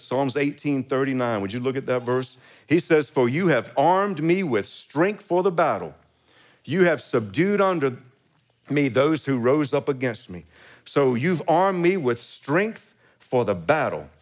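Speaking a little slowly with lively intonation and a medium pitch, a male pastor reads scripture during his sermon, lifting his voice on important lines. Short chuckles break up his phrases, and he asks the congregation to say words back to him.

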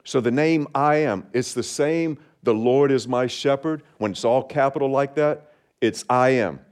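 A man preaching a sermon as pastor, measured and deliberate, slowing down on key phrases and leading the congregation in reading along. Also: mid-range voice, a little mellow. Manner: leads congregation in responsive reading.

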